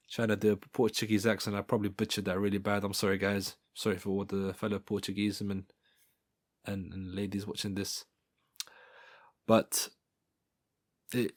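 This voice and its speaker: A man hosting his own fight-sports video, giving casual fan commentary in an excitable, rambling way full of restarts. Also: mid-range voice. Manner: excitable and rambling, with many restarts and repeated "guys". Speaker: MMA video host.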